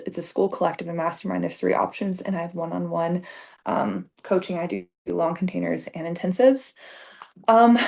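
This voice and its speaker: A woman's voice: fairly low pitch, vocal fry, a little mellow. A woman in her thirties, a business coach, talking casually to camera with lots of fillers and heartfelt gushing. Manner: chatty, filler-heavy, emotional and gushing. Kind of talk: casual direct-to-camera talk.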